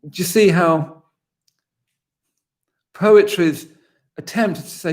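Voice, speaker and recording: A man leading a poetry session, musing aloud with earnest enthusiasm, restarting his sentences and slowing down to linger over the lines he reads aloud. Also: sits high. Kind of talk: reflective talk with read-aloud poetry passages.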